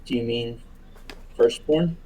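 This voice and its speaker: Male player: dark, husky voice, short hesitant answers. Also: medium pitch, slow pace, rough recording. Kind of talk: tabletop role-play.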